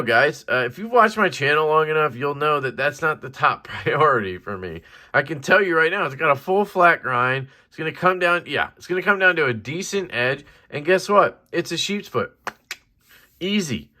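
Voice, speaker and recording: A young man casually reviewing a knife in a rambling, excited vlog, swearing now and then. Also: a little high, moderate pace.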